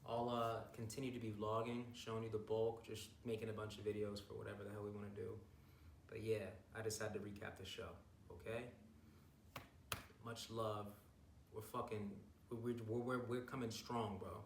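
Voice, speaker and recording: A man's voice: fairly low pitch, flat delivery, moderate pace. A young man giving a casual recap vlog of his bodybuilding show, hyped and rambling, with plenty of swearing. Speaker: bodybuilder vlogger. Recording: roomy, distant from mic, faint noise.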